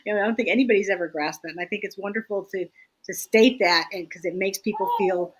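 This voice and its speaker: A woman's voice: mid-range voice, fast talker, slightly rough, low-quality recording. A woman interviewer chatting casually and agreeably, laughing easily as she responds. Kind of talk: casual conversational chat.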